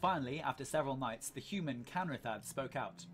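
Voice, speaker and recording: A man's voice: mid-range voice, expressive, a little fast, hardly any pauses. Playful man reading a game story. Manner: playful, self-mocking asides between read passages. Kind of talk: casual live-stream storytelling.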